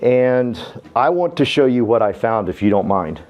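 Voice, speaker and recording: A man's voice: mid-range voice, animated, moderate pace. A man giving a casual, folksy, self-deprecating business talk, telling jokey stories about himself. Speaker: real estate business speaker. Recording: dull lo-fi sound.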